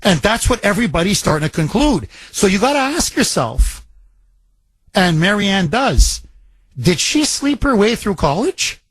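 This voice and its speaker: A man's voice: sits high, very animated, a little slow, a bit bright, breathy edge, dry recording. A man hosting a talk radio show, delivering a combative, mocking monologue.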